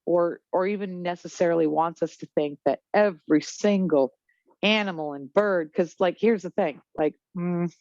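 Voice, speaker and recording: Low-voiced woman rambling in casual chat. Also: moderate pace, darkish tone, no echo. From Pacific Northwest of the US. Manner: rambling, hesitant, laughs often. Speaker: co-host. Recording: dull, muffled dry audio.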